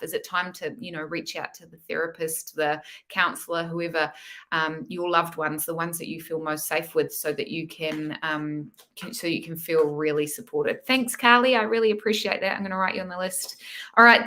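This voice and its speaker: Bright-voiced woman giving chatty tarot readings. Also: lowish voice. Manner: affectionate, chatty, calls viewers "my love", ends lines with "hey?". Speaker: tarot reader hosting a live stream. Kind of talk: casual live-stream tarot reading.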